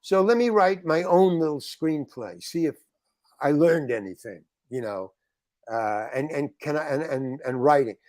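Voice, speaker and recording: Male podcast guest, slightly high voice, animated storyteller who acts out the quotes, dry close mic. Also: unhurried, no room sound. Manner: animated, acts out other people's lines in quotes, frequent restarts. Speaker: interview guest, actor. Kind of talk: anecdotal storytelling in a podcast chat.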